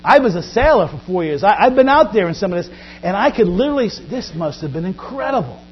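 A man preaching a sermon in a church, swinging widely between loud and quiet. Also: very animated, quick pace. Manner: preaches with big swings in pitch and loudness. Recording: dull lo-fi recording with mains hum.

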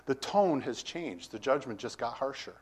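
A man's voice: mid-range voice, animated, moderate pace, breathy edge. A man preaching a verse-by-verse sermon, talking casually with the congregation and reading scripture with rising emphasis. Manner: conversational, asks the congregation questions.

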